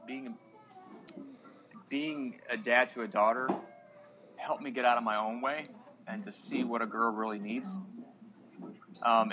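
A man's voice: medium pitch, rough recording. A man in his thirties, a single father on a podcast, talking earnestly and emotionally to other men. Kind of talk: casual podcast talk.

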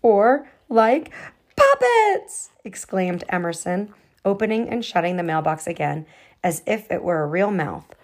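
A woman reading a children's storybook aloud to a child in a gentle, lively way. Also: fairly low pitch, normal speed.

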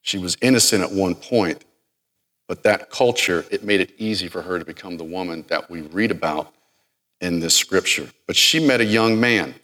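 A middle-aged man preaching a sermon, dramatic, acting out the people in the story and swinging from loud to hushed. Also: sits low, moderate pace. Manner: dramatic, acts out quoted speech, varies loudness widely.

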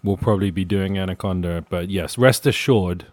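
A man's voice: low-pitched, normal speed, darkish tone, no echo. A man co-hosting a movie podcast, joking playfully in casual chat. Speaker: podcast co-host.

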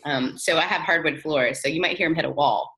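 A woman's voice: low-pitched, fairly quick, bright, forceful tone, low-quality recording. A woman pastor in her thirties with a mixed British, Canadian and Southern US accent, chatting in a podcast interview with lots of "like" and "um". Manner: chatty and self-deprecating, lots of "like" and "um".

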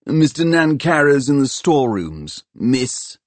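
A man's voice: mid-range voice, big pitch swings, unhurried, no room sound, pitched above the performer's own voice. A man voicing a sullen, overweight young male apprentice.

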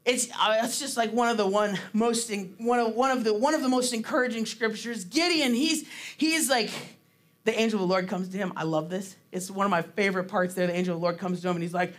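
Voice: mid-range voice, fairly quick, fairly bright tone. Chatty preacher giving a laid-back sermon. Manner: chatty, laughs often, acts out quotes; frequent fillers and restarts. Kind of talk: casual sermon.

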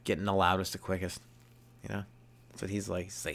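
A man's voice: low-pitched, little pitch movement, fast talker, creaky, a bit bright. A young man hosting a comedy podcast, rambling through a casual monologue, swearing and laughing at his own jokes.

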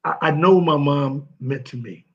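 Guy giving a choked-up shout-out, husky voice, keeps stumbling and repeating himself, kinda muffled lo-fi sound. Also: a little high. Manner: emotional, halting, repeats words. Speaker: former pro football player speaking at an event. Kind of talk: heartfelt tribute speech.

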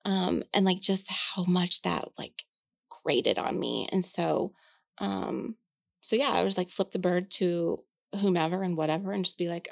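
A woman's voice: fairly low pitch, a little slow, creaky, dry recording, studio quality. A woman in her forties, a podcast co-host talking candidly in casual chat, swearing freely and thinking aloud. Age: 40s. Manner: candid, frank, swears freely, many fillers.

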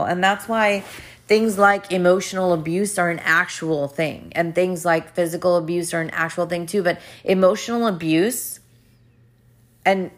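A woman's voice: fairly low pitch, a bit bright. A woman hosting a podcast as a life coach, talking earnestly and with emphasis, often repeating her phrases. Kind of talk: motivational podcast monologue.

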